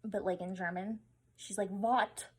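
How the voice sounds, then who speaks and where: A rather high-voiced woman, audibly drunk, rambles through a comic history story. Her delivery is loose and slangy, studded with fillers and the odd swear. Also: moderate pace. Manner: rambling and giggly, full of "like" and "oh my God"; slangy and profane. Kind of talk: tipsy comedic history retelling.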